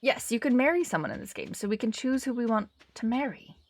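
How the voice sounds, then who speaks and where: A woman's voice: fairly high pitch, sing-song, fast, no room sound. A woman giving casual, chatty commentary while live-streaming a game, thinking aloud as she plays.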